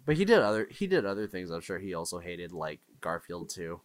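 A man from Houston co-hosting a podcast, chatting casually and telling animated stories with frequent laughs. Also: deep voice, brisk. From Houston, Texas. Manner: animated storyteller, laughs often. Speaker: podcast co-host. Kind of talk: casual chat.

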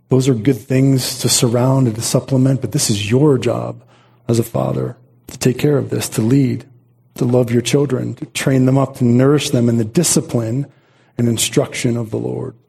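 A man's voice: medium pitch, creaky, a little mellow, breathy edge. A middle-aged man pastor preaching a sermon in an earnest, repeating way, often restarting his phrases.

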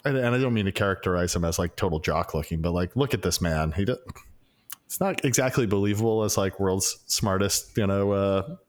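Low-voiced man rambling about a movie. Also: a little fast. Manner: rambling, profane, many fillers. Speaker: podcast co-host reviewing a movie. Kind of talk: casual chat.

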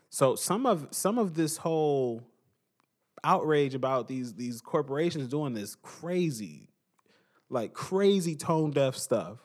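Emphatic man ranting on a podcast. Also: mid-range voice. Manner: animated, emphatic, repeats points. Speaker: podcast host. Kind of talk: casual opinion monologue.

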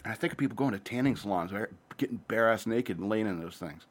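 Low-voiced man rambling casually as host. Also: lively intonation. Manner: rambling, profane, jumps between topics; says he talks fast. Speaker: podcast host.

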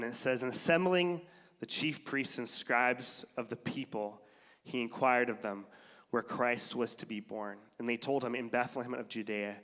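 A man preaching in a relaxed, conversational way, often slipping into voices to act out people's thoughts. He has a lingering cough, and his voice rings with a long reverb in a large hall. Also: mid-range voice. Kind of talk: casual sermon.

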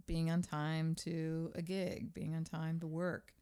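Lively, swearing woman co-host. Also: deep voice, clear, resonant tone. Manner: animated, swears, quick laughs, rambling. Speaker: podcast co-host, teacher. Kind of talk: casual chat.

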